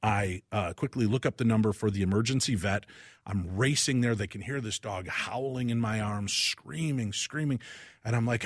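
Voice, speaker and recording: A man guest-hosting a talk radio show, telling a personal story in an animated way and acting out each person's lines. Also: mid-range voice, moderate pace, no room sound, clean studio sound.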